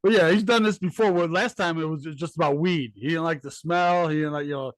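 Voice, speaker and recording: A man's voice: a little high, fast talker, no room sound. A man co-hosting a casual rock music chat show, laid-back and chatty. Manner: laid-back, says man and dude a lot. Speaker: podcast co-host.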